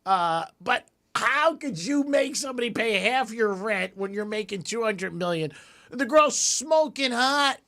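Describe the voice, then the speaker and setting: A man hosting a radio talk show in a studio, ranting in an animated, exasperated way. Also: very high-pitched, measured pace.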